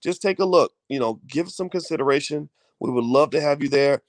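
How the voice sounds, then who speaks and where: A man's voice: fairly high pitch, fairly quick, no room sound. A middle-aged man hosting a casual video talk, fervent and full of fillers and repeated words. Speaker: host.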